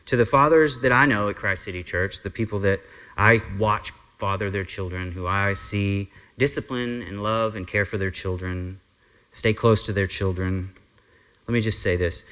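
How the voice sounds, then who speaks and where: In a church sanctuary, a male pastor preaches an earnest, conversational sermon to his congregation. His voice is on the low side with a sharp tone at normal speed, and he speaks loosely with frequent ums and restarts. At one point he becomes briefly emotional.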